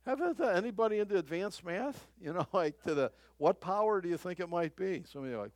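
A man's voice: fairly high pitch, lively intonation, fairly quick, few pauses, dry recording. An older man preaching, telling a personal story in a conversational, chuckling way with frequent restarts. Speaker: pastor.

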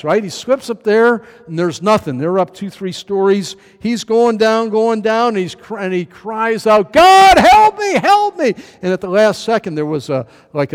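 High-voiced man preaching in a reverberant hall. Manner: chatty, anecdotal, many fillers and restarts; acts out quoted voices with big pitch jumps. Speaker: pastor. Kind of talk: sermon, verse-by-verse Bible teaching.

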